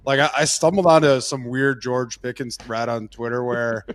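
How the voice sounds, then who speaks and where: A man's voice: medium pitch, moderate pace, clean tone. A man co-hosting a casual sports talk show, telling stories in an amused, rambling way, full of "like". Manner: amused storyteller, filler-heavy "like". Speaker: co-host.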